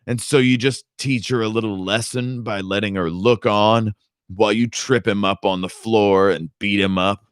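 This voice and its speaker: A man's voice: lowish voice, a bit bright, no echo, studio quality. A man reading aloud, voicing a crude, swaggering male official who boasts and leers. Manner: brash, leering, boastful. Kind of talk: audiobook reading with character voices.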